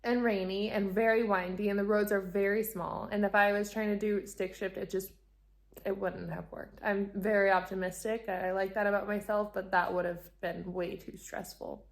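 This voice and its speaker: A woman's voice: medium pitch, moderate pace, vocal fry. A woman vlogger casually recounting a hard travel day, acting out the people she met and laughing often. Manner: animated, acts out quoted exchanges, laughs often. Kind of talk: casual storytelling vlog.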